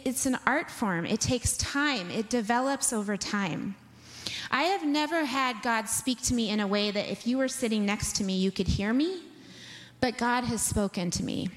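A woman's voice: high-pitched, a bit bright. A woman pastor giving a sermon in church, conversational and telling stories with humor. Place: church sanctuary. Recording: long hall reverb.

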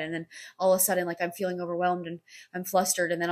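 A woman's voice: fairly low pitch, completely flat delivery, fast, a little mellow. A woman talking solo on her podcast in a rambling way, full of "like" and casual swearing. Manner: rambling, heavy on filler "like", frequent swearing. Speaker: podcast host.

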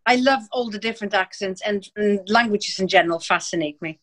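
A woman whose first language is Dutch talks as a guest in a relaxed interview. She speaks in a measured, reflective way, pausing on small fillers. Her pitch sits in an ordinary middle range. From Netherlands. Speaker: guest, former translator. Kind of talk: casual conversational interview.

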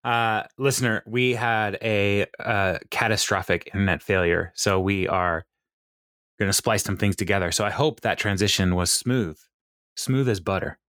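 Chatty man hosting a podcast, low voice. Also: steady tone, moderate pace, a bit bright, no echo, studio quality. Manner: chatty and rambling, laughs often. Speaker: podcast co-host. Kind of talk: casual chat.

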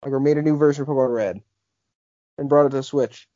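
A man's voice: mid-range voice, fairly even intonation, quick pace, dark tone, no room sound. Rambling young man on a podcast. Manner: rambling, full of "like" and restarts. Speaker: podcast co-host. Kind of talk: casual chat. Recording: dull lo-fi podcast audio.

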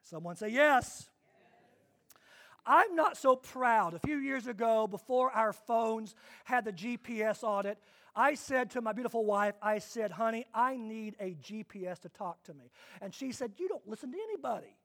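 Man, very high voice, pastor's sermon, animated, soft asides and loud emphatic peaks. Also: measured pace.

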